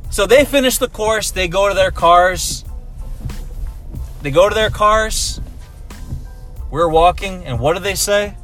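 A man telling a story in casual chat, animated and repeating himself for emphasis. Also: high-pitched, a little slow, pauses often, soft background music.

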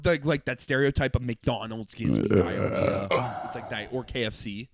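A man's voice: medium pitch, moderate pace, creaky, crowd noise. A young man co-hosting a casual podcast, joking loosely, swearing freely and laughing often. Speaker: podcast co-host. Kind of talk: casual crude banter.

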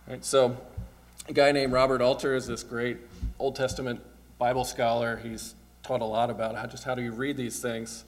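A man's voice: mid-range voice, flat delivery, normal speed. Chatty pastor man preaching. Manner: casual, asks "right?" often, chuckles. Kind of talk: conversational sermon.

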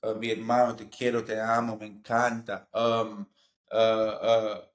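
A man's voice: lowish voice, monotone, moderate pace, reverberant, poor audio. A man chatting casually as a podcast guest, laid-back and slangy, laughing often. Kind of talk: casual chat.

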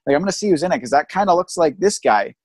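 A man's voice: a little high, lively intonation, racing, darkish tone, no echo. Male podcast co-host, rambling and profane, dry close sound. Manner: frequent swearing, rambling storytelling. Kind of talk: casual chat.

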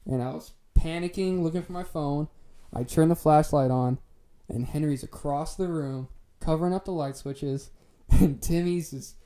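Mellow-voiced young man telling a story. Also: a little high, normal speed. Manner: laid-back, swears freely, lots of fillers. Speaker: podcast co-host telling a story. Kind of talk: casual storytelling among friends.

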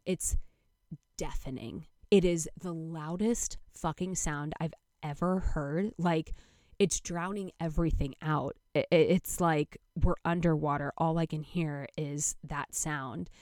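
A woman's voice: low voice, slow pace, a little mellow, no room sound, clean studio sound. A young woman casually telling a personal story, candid and swearing freely, with lots of fillers.

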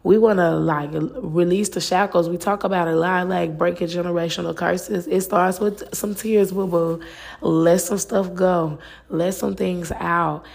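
Female podcast host, low pitch with vocal fry, earnest casual delivery, lots of "like". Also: steady tone, a little slow, a little mellow. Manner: earnest, repeats phrases, many "like" fillers. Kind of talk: casual faith-based talk.

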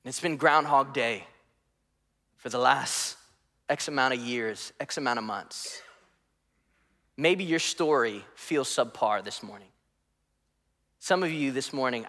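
A man's voice: mid-range voice, sharp tone, in a large hall. A man from the DC area preaching a sermon as a guest speaker, playful and joking with the congregation. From DC area, United States. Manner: playful, joking, acts out voices in anecdotes. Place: church auditorium.

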